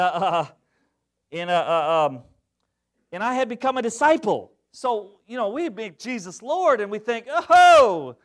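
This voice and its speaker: A young adult man delivers a sermon in an unhurried, deliberate way. His voice sits fairly high, and he leans on emphasis, pausing to check in with his listeners. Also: a bit bright. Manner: emphatic, call-and-response asides to the congregation. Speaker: pastor.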